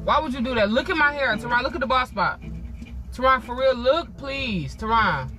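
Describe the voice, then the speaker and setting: A woman's voice: fairly high pitch, animated, moderate pace, pushed and bright, faint music behind. A young woman in a car, pleading and whining through casual banter with a friend. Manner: pleading, whiny. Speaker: channel host. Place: inside a car.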